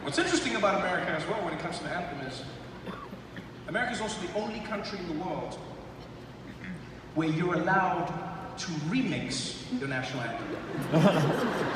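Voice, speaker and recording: A man doing stand-up comedy on stage in a large arena, animated and slipping into voices and sung bits. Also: high-pitched. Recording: echoey arena from far off, noisy. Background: crowd laughter.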